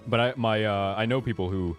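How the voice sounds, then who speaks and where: A man's voice: lowish voice, brisk, soft background music. A man streaming a game, chatting casually with a joking, self-deprecating manner. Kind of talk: casual gaming stream commentary.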